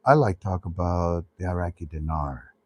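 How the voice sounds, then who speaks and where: A man voicing an earnest adult woman customer who talks slowly in low, broken phrases. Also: a little mellow, slightly rough, dry recording, highs cut off.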